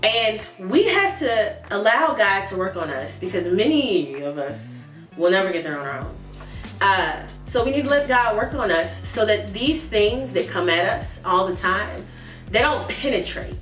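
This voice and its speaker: A woman's voice: mid-range voice, lively intonation, measured pace. Woman teaching a Bible lesson, roomy. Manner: earnest, warm laughs at asides, talks directly to viewers. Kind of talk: conversational Sunday school lesson. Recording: roomy, from a distance, with soft music behind. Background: faint background music.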